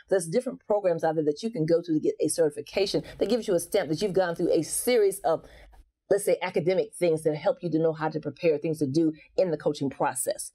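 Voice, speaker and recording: A woman's voice: low voice, mellow. A woman speaking as a guest coach in a casual interview, frank and emphatic, often restarting her sentences.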